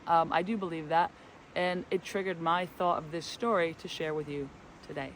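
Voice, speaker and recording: Guy kinda high voiced, rambling story out in the woods, bit of wind noise. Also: normal speed, rough recording. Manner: relaxed, rambling storyteller acting out quoted dialogue. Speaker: co-host of a spiritual travel channel. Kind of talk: casual outdoor storytelling. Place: outdoors in a forest, windy. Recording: light wind and outdoor background noise.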